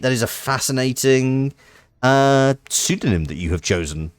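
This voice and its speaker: A man's voice: mid-range voice, darkish tone, no room sound. A man streaming a game live, chatting casually and thanking viewers. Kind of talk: live-streamed game playthrough with reading aloud.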